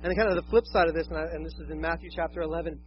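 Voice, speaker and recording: High-voiced man preaching a casual sermon. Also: fairly even intonation, very fast, highs cut off, a little hiss or hum. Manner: conversational, self-deprecating, acts out quotes. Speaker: pastor.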